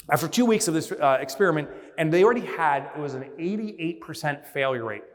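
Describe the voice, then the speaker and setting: Male keynote speaker, high-ish voice, lively storyteller, long hall reverb. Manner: energetic storyteller, mimics and shouts when acting out scenes. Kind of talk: motivational business keynote. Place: conference hall stage.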